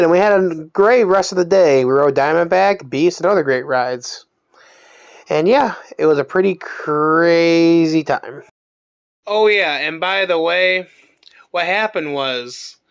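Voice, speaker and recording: A young adult vlogger telling a casual story-time tale, animated, with lively jumps in pitch. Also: clear, resonant tone.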